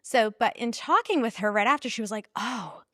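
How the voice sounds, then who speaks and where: A woman guest telling an earnest personal story in a casual interview, laughing often and animated in her retelling. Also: on the high side, fast talker, dry recording, clean studio sound. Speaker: pregnancy center staff guest.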